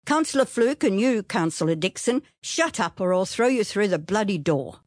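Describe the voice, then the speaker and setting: A woman voicing a loud, blustering middle-aged male town mayor, gruff and barking orders. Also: mid-range voice, very animated, normal speed, no room sound, clean studio sound.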